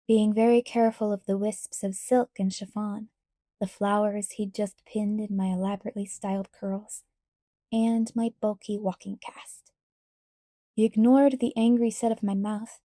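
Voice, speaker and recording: A woman reading a novel aloud in quiet, even first-person narration. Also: medium pitch, no room sound, studio quality. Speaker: audiobook reader.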